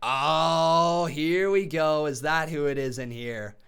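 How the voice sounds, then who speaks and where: A man's voice: fairly high pitch, slow, creaky, a crowd in the background. A man hosting a live call-in stream, chatty and friendly, laughing easily with callers. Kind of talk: casual call-in chat.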